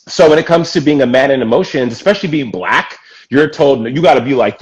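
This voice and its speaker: A man hosts a relaxed interview with an emphatic, encouraging delivery. His voice sits at an ordinary middle pitch for a man, and he cheers his guest on warmly as he talks. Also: fairly quick, low-quality recording. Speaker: podcast host. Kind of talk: casual interview chat.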